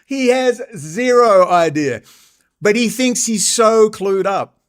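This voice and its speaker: A man's voice: high-pitched, lively intonation, slow pace. An Australian man hosting his own channel, ranting angrily in a profane monologue and mocking others in sarcastic put-on voices. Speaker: channel host.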